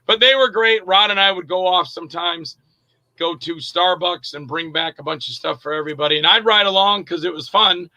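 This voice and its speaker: A man's voice: high voice, a little fast, dry recording, lo-fi sound. A middle-aged man, an actor and director, casually telling stories in an interview and acting out quoted dialogue with plenty of fillers. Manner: animated, acts out quoted dialogue, frequent fillers.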